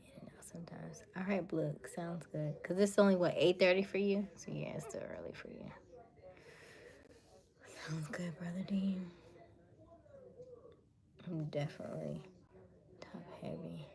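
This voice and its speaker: A woman's voice: on the low side, steady tone, unhurried, creaky, pauses often, crowd noise. A young adult woman hosting a livestream, chatting casually with viewers and often dropping to a near whisper. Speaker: livestream host reading chat. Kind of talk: casual chat.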